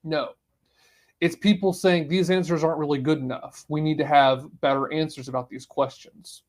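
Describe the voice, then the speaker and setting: Male podcast host, slightly high voice, firm and emphatic solo commentary. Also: fairly even intonation, moderate pace, a little mellow. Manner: emphatic, declaring positions point by point.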